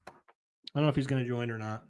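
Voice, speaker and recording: A man hosting a live reaction stream, excited and rambling, apologizing as he juggles things. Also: medium pitch, very fast, clean tone. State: recovering from a week of sickness, coughing.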